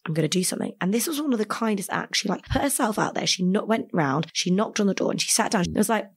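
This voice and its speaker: A woman from Britain, a podcast guest, telling a story in a chatty, animated way with many "like" fillers. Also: mid-range voice, quick pace, slightly rough. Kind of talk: casual storytelling interview.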